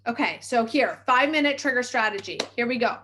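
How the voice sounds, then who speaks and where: A woman hosts a self-help podcast as a mindset coach. She talks quickly in an upbeat, encouraging way, walking listeners through steps. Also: a little high, pushed and bright, a little hiss or hum.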